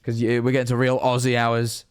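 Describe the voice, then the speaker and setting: A man's voice: mid-range voice, monotone, brisk, clean tone, faint music behind. A very tired young man hosting a livestream, chatting loosely through his sign-off, rambling and swearing now and then. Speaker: livestream host. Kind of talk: casual stream sign-off chat.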